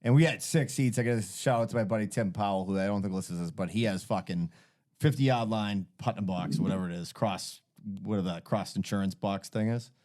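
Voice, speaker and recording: A man's voice: lowish voice, fairly quick, a little mellow. Guy rambling through a swear-heavy story on a podcast. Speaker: podcast host. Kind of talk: casual storytelling chat.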